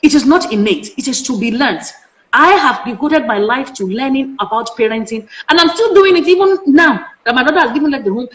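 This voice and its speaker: A woman's voice: high voice, animated, a little fast. A middle-aged Nigerian woman, a parenting educator, speaking passionately in an interview and firing off emphatic rhetorical questions. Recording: echoey room.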